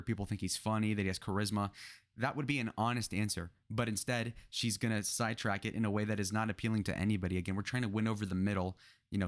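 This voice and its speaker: Guy ranting over a clip, sarcastic and swearing a lot, lowish voice. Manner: sarcastic, profane, exasperated. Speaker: political commentator. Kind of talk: reaction commentary on a video clip.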